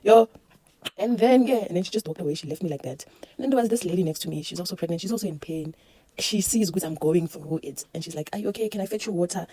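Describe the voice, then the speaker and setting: South African woman, casual storyteller, husky, brisk delivery. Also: lowish voice, no echo. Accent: South African, Zulu-mixed English. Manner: animated, code-switching, laughing through a birth story. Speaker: vlogger.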